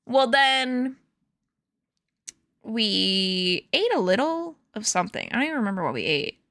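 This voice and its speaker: A young woman with a bright, slightly high voice talks casually to her stream viewers from home. She rambles through a story, full of "like" and "um". The sound is close and dry, with no room echo. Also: big pitch swings, a little slow. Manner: chatty, rambling storytelling with many fillers and laughs.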